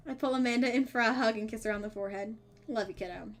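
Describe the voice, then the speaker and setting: A woman streamer reading a dating game's dialogue aloud, with playful asides and quick self-corrections. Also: a little high. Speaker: streamer playing a dating sim. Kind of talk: reading game text aloud with casual commentary.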